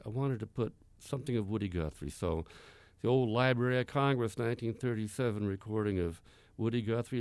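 A man's voice: on the low side, a little mellow, no room sound. A man hosting a folk music radio show, telling stories in a folksy, rambling way with many hesitations. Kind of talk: casual storytelling.

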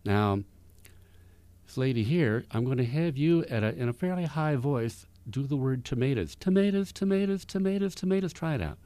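A man's voice: mid-range voice, expressive, normal speed, dark tone, dry recording. A man hosting a folk music radio show, telling stories and folklore in a folksy, rambling way from a studio.

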